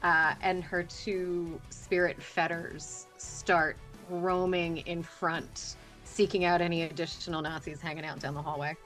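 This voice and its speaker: A woman plays in a tabletop game, thinking her moves through aloud. She speaks slowly in a low voice for a woman, with faint music under the stream. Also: level tone, a bit bright. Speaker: player. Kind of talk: tabletop role-play.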